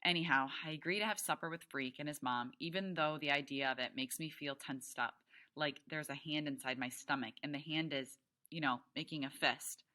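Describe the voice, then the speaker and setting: A woman teacher reads a novel aloud to her class. She stops often to explain words and to check that the students understand. Her voice is low and bright, with a crisp edge. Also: steady tone, a little fast.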